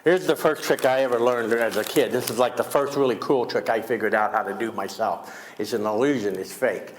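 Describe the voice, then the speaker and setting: A man's voice: mid-range voice, brisk, slight background noise. A man performing comedic magic on a school stage, teasing his young volunteers with wisecracks. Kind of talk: comedic magic show patter.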